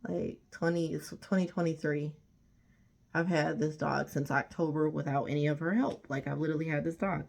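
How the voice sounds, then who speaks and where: A woman's voice: deep voice, fairly even intonation, moderate pace, vocal fry, a little mellow. A woman vlogger telling a storytime rant to camera, emphatic and indignant, often repeating herself.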